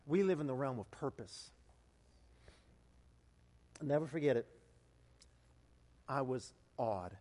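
A man preaching a sermon as a pastor, telling stories in an animated way that swings from loud exclamations to hushed low lines. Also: slow, long pauses. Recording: long hall reverb.

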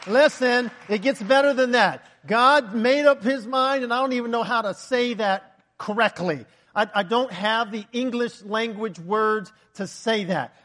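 A man preaching a sermon, animated and joking, firing rhetorical questions at the congregation and breaking into loud bursts. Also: high voice, moderate pace.

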